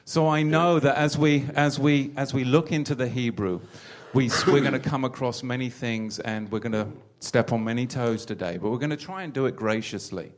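A man's voice: mid-range voice, normal speed, hardly any pauses. A man hosting a religious teaching talk, repeating words as he finds his phrasing. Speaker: host.

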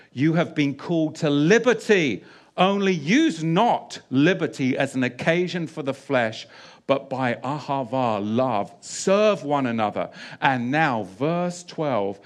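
A man preaching a sermon, mixing loud emphatic bursts with quieter scripture reading, full of rhetorical questions and repeated phrases. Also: mid-range voice.

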